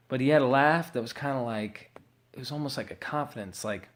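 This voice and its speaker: A man's voice: medium pitch, moderate pace, fairly bright tone. A man candidly telling his own addiction recovery story, rambling and swearing freely as he acts out what people said.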